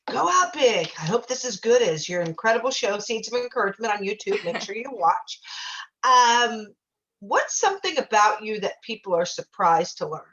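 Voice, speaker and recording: Bright, gushing woman host with dull audio. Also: medium pitch, slight background noise. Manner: gushing and effusive, with many restarts. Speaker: talk show host. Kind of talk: interview on a video show.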